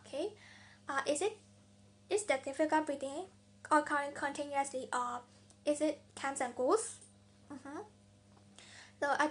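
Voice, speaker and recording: A woman playing a doctor in a practice clinical exam, asking a parent questions in a hesitant way, often restarting and repeating herself. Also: sits high. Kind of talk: clinical history-taking role-play.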